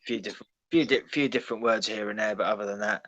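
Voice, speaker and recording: Laid-back guy on a call, lowish voice but bright, swears a lot. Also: fast, no room sound, dull audio. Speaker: guest. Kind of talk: casual livestream chat. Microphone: call microphone.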